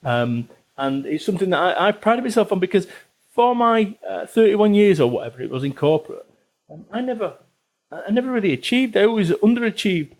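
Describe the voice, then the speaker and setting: A man's voice: sits high, lively intonation, fairly quick, darkish tone. Blunt, punchy Salford man. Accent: Northern English, Salford. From England. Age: 40s. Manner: blunt, swearing, motivational, repetitive emphasis. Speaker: podcast guest, business author. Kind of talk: casual interview chat.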